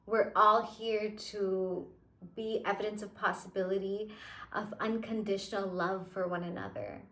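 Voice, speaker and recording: A young woman coaching her viewers in an earnest, emphatic way, her talk dotted with "like" and "you know". Her voice sits at an average pitch for a woman. The room around her gives off a noticeable echo. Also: steady tone, unhurried, sharp tone. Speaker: manifestation coach. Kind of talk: casual motivational monologue.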